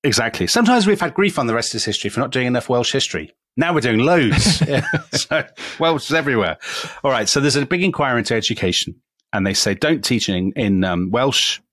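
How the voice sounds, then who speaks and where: A man's voice: medium pitch, lively intonation, fast talker, fairly bright tone, no echo. An English man co-hosting a history podcast, telling a story in a chatty, self-deprecating way with many asides. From England. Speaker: podcast co-host.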